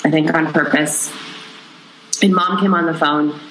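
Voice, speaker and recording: A young woman tells a painful personal story as an interview guest, pausing often and searching for words. Her voice sits low yet comes across bright and forceful. The room adds a noticeable echo, with faint ambience behind her. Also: fairly even intonation, a little hiss or hum. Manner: emotional, halting, many pauses and fillers. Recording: roomy echo.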